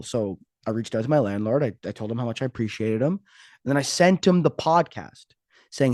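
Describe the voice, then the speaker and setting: A man hosts his podcast in a loose, unscripted monologue, joking at his own expense and rambling from one thought to the next. His voice sits at an ordinary middle pitch, and the sound is dry with no room echo. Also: lively intonation, normal speed. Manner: joking, rambling, self-mocking. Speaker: podcast host. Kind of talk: casual podcast intro monologue.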